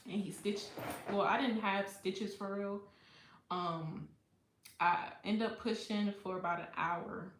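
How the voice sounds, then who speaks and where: A woman's voice: medium pitch, fairly even intonation, slow pace, reverberant. A woman hosting a livestream, telling a personal story in a candid, profane way and laughing often. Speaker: livestream host. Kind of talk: casual storytime chat.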